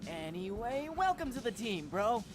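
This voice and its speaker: A man's voice: sits high, very animated, moderate pace. Breezy, boastful young guy, a man reading him, music bed behind. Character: cocky young male teammate.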